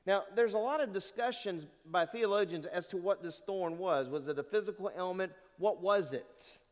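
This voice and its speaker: A man preaching a sermon, animated and full of rhetorical questions to the congregation. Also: sits high, moderate pace. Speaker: pastor. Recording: long hall reverb.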